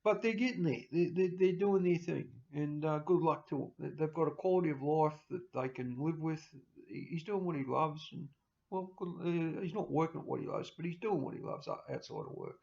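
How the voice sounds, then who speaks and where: A middle-aged man, rambling emotionally to camera in a farewell vlog, breaking into loud mimicry and laughter. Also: on the high side, brisk, gravelly. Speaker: YouTuber signing off. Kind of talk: casual personal talk to camera. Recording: dull lo-fi home recording.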